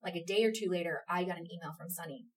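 A woman who runs a theater company, chatting in an interview and telling a story with animated, emotional energy. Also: fairly low pitch, rapid-fire, far from the mic, poor audio. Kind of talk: casual interview chat.

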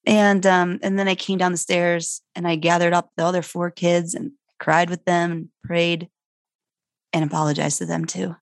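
A woman's voice: lowish voice, flat delivery, normal speed, vocal fry, dry recording, clean studio sound. A middle-aged woman speaking candidly and animatedly as she tells a personal parenting story, her voice climbing sharply when she gets worked up. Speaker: guest, foster mother.

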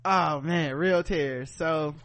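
A man's voice: on the high side, takes it slowly, a bit bright. A man co-hosting a podcast, recapping a show animatedly, laughing often and acting out the characters in slang. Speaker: podcast co-host.

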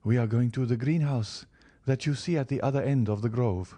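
A man's voice: medium pitch, a little fast, dark tone, dry recording, voice pushed up, close to an everyday voice. A man voicing a sorrowful, pleading French countess with a tremulous, plaintive voice in an audiobook reading. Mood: sad, pleading.

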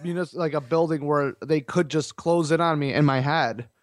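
A man telling a story as a podcast guest, rambling and filler-heavy, with animated retelling. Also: a little high, moderate pace, dry recording, clean studio sound. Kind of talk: casual storytelling.

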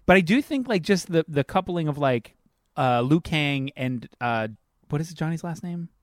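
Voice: medium pitch, animated, moderate pace, dry recording, studio quality. A podcast co-host in casual chat, thoughtfully analyzing a film's characters and often hedging with "I do think". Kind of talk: casual film critique chat.

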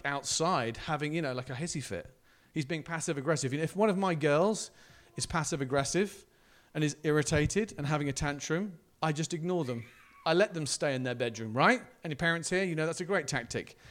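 High-voiced male pastor preaching. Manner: animated storytelling, acting out quotes. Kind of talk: sermon.

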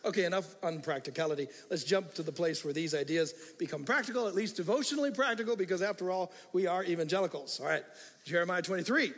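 An older man preaching a sermon as pastor, animated, moving from hushed asides to loud emphatic passages. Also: sits high, fast. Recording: reverberant hall.

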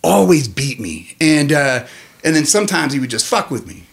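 A man telling personal stories in casual chat. He is animated and profane, and his voice jumps high when he quotes himself. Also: normal speed, creaky.

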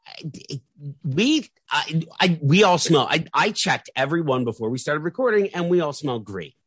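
Animated joking podcast man. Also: a little high, normal speed, breathy edge, no echo. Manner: joking, animated, stumbles and restarts. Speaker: podcast co-host. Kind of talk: casual recap chat.

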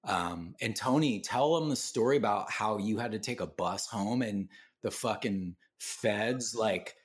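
A man with a lowish voice who talks slowly, chatting loosely as a guest on a podcast. He drops casual swears and hands the story off to a bandmate. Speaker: band member guest. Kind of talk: casual chat.

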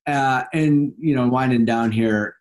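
A man's voice: medium pitch, measured pace, darkish tone. A man interviewing a guest, asking questions in a hesitant, searching way.

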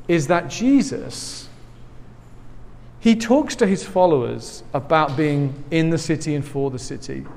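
A man's voice: a little high, darkish tone. A man with an English accent preaching a sermon through a face mask, earnest and conversational, with asides and light laughs. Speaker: pastor. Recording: long reverb of a large hall.

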